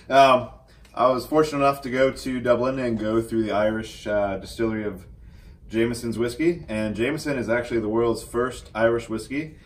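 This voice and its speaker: A man as a guest on a casual whiskey chat, relaxed with short answers. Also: mid-range voice, normal speed. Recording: distant mic, faint noise.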